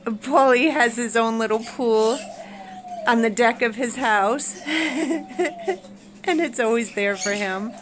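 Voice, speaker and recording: A woman with a high voice and an unhurried pace talks casually about her pet birds at home. She chats to the camera and coos and scolds the birds in baby talk. Loud parrot squawks fill the background. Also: background noise. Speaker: pet bird owner and vlogger. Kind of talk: casual chat to camera and pets. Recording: loud bird screeches behind. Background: loud parrot squawks and screaming.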